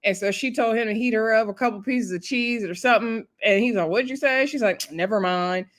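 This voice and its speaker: A woman's voice: fairly high pitch, a little fast. A woman hosting a casual, chatty recap of a reality TV episode, talking in a laid-back way with laughing asides and lots of fillers.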